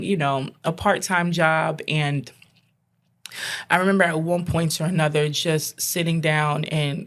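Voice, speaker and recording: Lively woman telling her own story. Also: low-pitched. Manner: animated, acts out quoted dialogue, laughs often. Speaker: guest, behavioral consultant. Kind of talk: personal storytelling in a podcast interview.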